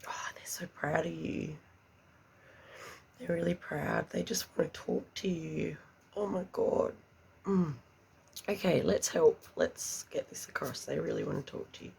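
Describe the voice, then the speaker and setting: Soft-spoken woman giving a gravelly tarot reading. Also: deep voice, lively intonation, moderate pace, a little hiss or hum. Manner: hushed, emotional, often near a whisper. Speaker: tarot reader.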